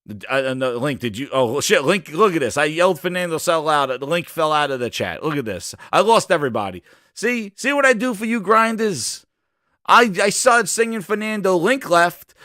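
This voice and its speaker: Profane, rambling gaming-stream host, dry sound. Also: male voice, a little high, animated, moderate pace, sharp tone, no echo. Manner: rambling, profane, breaks into joking singing. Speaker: podcast host. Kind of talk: casual livestream chat.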